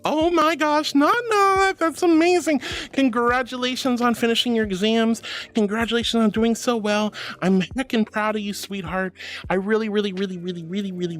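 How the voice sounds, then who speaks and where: A VTuber streamer reading out chat messages, bubbly and affectionate, calling viewers sweetie and squealing with excitement. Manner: swoops into high squeals of excitement.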